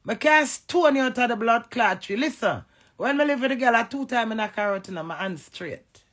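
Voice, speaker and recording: A man's voice: very high-pitched, moderate pace. A man with a Jamaican accent, telling stories and swearing freely in a casual live-stream chat. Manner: animated, swears freely, storytelling.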